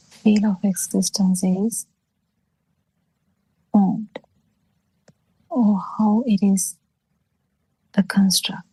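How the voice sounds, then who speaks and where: A woman giving a Buddhist teaching over a video call, halting, with many pauses and fillers, often falling into soft breathy half-whispers. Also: medium pitch, no echo, low-quality recording. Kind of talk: slow spoken dharma talk on a video call.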